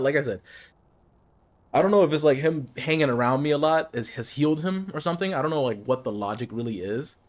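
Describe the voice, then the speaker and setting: A man streaming a game, chatting casually with viewers and giving calm life advice. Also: medium pitch. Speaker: gaming streamer.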